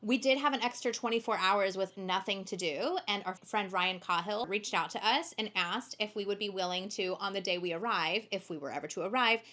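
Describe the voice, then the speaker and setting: A woman's voice: medium pitch, brisk, few pauses, bright, forceful tone. A young woman co-hosting a book haul video, chatting casually and bubbly, with lots of "like" and the odd swear word. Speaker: booktuber co-host. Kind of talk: casual chat.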